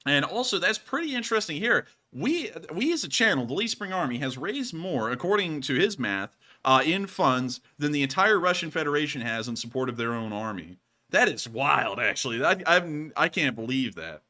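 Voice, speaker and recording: Casting: a man from the American South, bright forceful voice, animated live-stream host. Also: fairly high pitch. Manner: animated, laughs often, quick asides. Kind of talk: casual live-stream chat.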